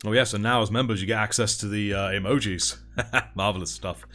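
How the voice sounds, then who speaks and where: Brisk and steady in tone, this fairly low, slightly bright voice belongs to a livestream host painting miniatures. He chats, reads out and thanks viewers, and laughs often, as faint music plays.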